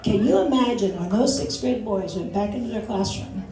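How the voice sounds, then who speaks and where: A woman's voice: medium pitch, normal speed, warm tone. An older woman performing a stand-up comedy set, telling stories and acting out voices and sound effects. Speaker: stand-up comic. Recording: echoey room, mic at a distance.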